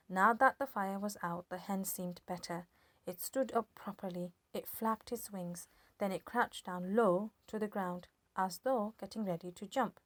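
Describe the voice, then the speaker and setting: A woman reading a children's story aloud with lively, expressive storytelling. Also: medium pitch, unhurried, no echo. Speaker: storybook reader.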